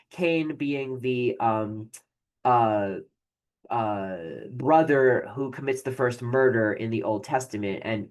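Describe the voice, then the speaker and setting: Prof talking through a poem, lots of ums, slows way down reading verse lines. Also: mid-range voice. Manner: explanatory, with many fillers and restarts; reads poetry aloud slowly with stress. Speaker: literature professor. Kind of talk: recorded video lecture.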